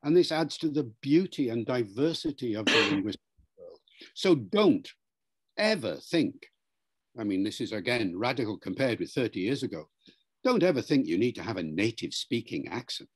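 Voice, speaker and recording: Man, professor, explanatory, measured, teacherly, mid-pitched, interview guest. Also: slightly rough. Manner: lively storytelling, acts out quoted speakers; measured, lecturing delivery.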